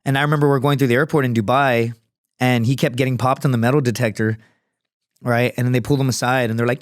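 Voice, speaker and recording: Man, podcast guest, casual storytelling, swears a lot, acts out voices, mid-pitched, dry close studio mic. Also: fast, no room sound. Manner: profane, animated, acts out quoted voices.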